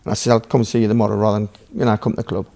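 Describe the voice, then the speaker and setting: Geordie man, guest on a podcast, gravelly voice, rambling, profane storyteller who quotes both sides of a row. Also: fairly low pitch, flat delivery, racing, dark tone. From Newcastle, England. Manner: rambling, swearing, acts out dialogue. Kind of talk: casual storytelling.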